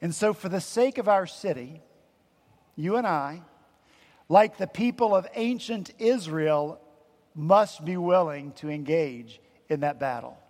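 A man's voice: on the high side, measured pace, a little mellow. A man preaching a sermon as pastor, earnest and conversational with rhetorical asides. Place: church sanctuary. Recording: long church hall reverb.

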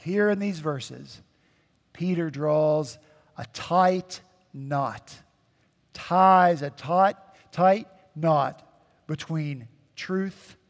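A male pastor preaching a sermon, slow and emphatic, with dramatic pauses and repetition. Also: fairly high pitch. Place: church sanctuary. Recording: long church hall reverb.

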